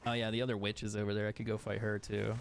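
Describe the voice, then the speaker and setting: A man's voice: fairly low pitch, little pitch movement, quick pace, vocal fry, a little hiss or hum. A man streaming a video game, chatting casually, swearing often and laughing at himself. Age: adult. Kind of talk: casual chat while gaming.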